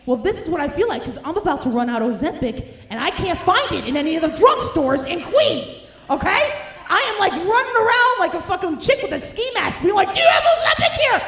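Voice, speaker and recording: A woman's voice: extremely high pitch, sing-song, a little fast, a bit bright. A woman, doing a brash, profane, ranting stand-up set while hungover. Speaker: stand-up comedian. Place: comedy club stage. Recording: roomy club sound, faint noise.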